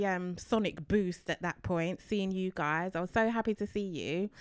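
A woman in casual chat, lively and laughing as she tells her story about running. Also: mid-range voice, clean tone, no room sound, clean studio sound. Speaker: marathon runner telling her side.

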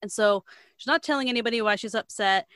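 A woman's voice: on the high side, quick pace, fairly bright tone, no room sound. A woman casually retelling the plot of a novel in a rambling way, full of fillers and the odd swear word.

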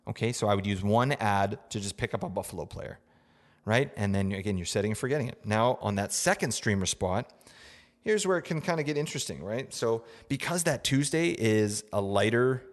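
Young guy rambling on a sports podcast, low voice, lots of ums and rights, some reverb. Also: animated, brisk. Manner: rambling, filler-heavy, asks "right?" often. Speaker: podcast host. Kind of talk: casual fantasy hockey advice.

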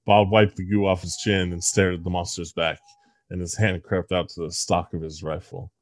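A man with a low voice reads aloud in a deadpan, mock-serious way, as if narrating a grim tale. His voice is dry and close, with no room sound. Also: normal speed, no echo. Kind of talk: dramatic comic reading.

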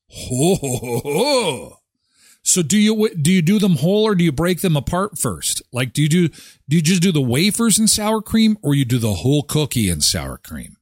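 A man's voice: sits high, slightly rough, no echo, studio quality. A middle-aged man from Canada hosting a live show, chatting casually and joking sarcastically as he reads viewer comments. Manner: animated, joking, sarcastic asides.

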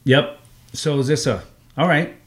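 Talking slowly in a slightly high, somewhat bright voice, this father in his thirties runs a laid-back family podcast from a sunroom at home. He jokes around with his children in a teasing way.

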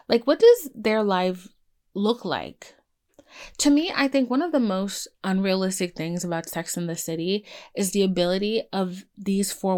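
A young woman hosting her own podcast, talking candidly and bluntly with plenty of swearing. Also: medium pitch. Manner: blunt, profane, emotional and confiding. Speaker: podcast host. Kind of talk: candid solo podcast monologue.

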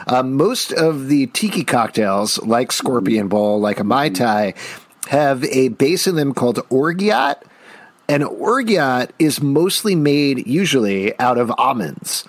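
Male podcast co-host, casual and jokey, animated pitch, dry close mic. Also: takes it slowly, dry recording. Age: adult with children. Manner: animated, joking, reads listener questions. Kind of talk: casual chat.

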